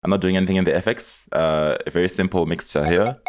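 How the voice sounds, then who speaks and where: A low-pitched man talks quickly and casually as he explains each layer of a beat in a tutorial voice-over. He stays upbeat and plain. Music plays clearly underneath him the whole time. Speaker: music producer.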